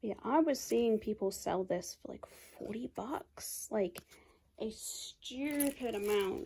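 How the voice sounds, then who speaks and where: Young girl rambling slowly through an unboxing, highish voice, bit of package crinkle behind. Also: sing-song, a little mellow, slight background noise. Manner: chatty, rambling, peppered with "like". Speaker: YouTuber. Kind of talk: casual unboxing chat. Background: faint crinkling of packaging.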